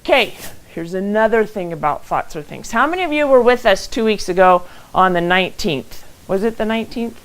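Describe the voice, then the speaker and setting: A middle-aged woman giving a motivational talk from her own home and telling stories with lively acted quotes. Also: mid-range voice, fairly quick, low-quality recording. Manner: animated storytelling with acted quotes. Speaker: motivational speaker hosting a live event. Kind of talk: live-streamed motivational talk.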